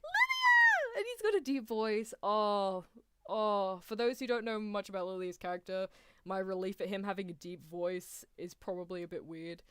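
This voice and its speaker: A woman streaming a live anime reaction, gushing and excitable, laughing often and swinging between loud cries and hushed near-whispers. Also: mid-range voice, moderate pace, slight background noise. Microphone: headphones on while streaming.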